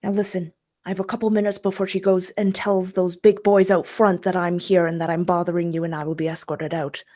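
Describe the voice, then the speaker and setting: A woman voicing an intense male police inspector who speaks in a pressing, hushed way. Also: fairly low pitch, level tone, fairly quick, close to an everyday voice. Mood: pleading.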